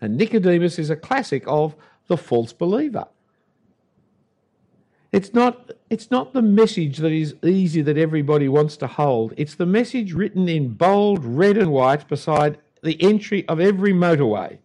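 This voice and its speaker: An older Australian man delivers a sermon with emphatic, punchy lists and dry humour. His fairly high voice moves through a wide, lively pitch range. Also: normal speed. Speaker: Anglican preacher.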